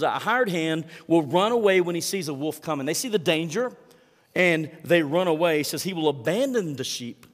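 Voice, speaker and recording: A man's voice: fairly high pitch, a bit bright, long reverb tail. A man preaching a sermon as pastor, earnest and conversational, with fillers and repeated words as he reads scripture and prays. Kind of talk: sermon with scripture reading and prayer.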